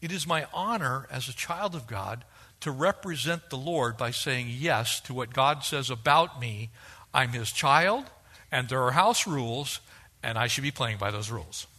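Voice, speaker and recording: A man preaching a sermon, animated and fond of acting out quoted voices. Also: medium pitch, a little slow. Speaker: pastor.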